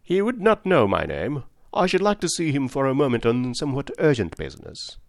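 A man's voice: medium pitch, sing-song, fairly quick, dry recording, clean studio sound, voice pushed up. A man reading the part of a tall, thin private investigator who speaks with stiff, polite formality.

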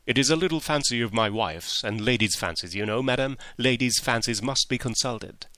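A man's voice: mid-range voice, a little fast, sharp tone, no echo, natural voice. A man voicing a pushy employer, coaxing, repeats himself, dry close read. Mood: insistent. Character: jovial, pushy middle-aged male employer.

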